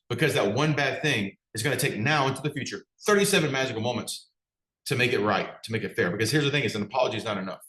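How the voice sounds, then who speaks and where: A man's voice: medium pitch, lively intonation, fast, sharp tone, roomy sound, poor audio. A man, a business coach, giving a direct, conversational motivational talk and putting questions to his audience. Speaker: business coach for martial arts school owners.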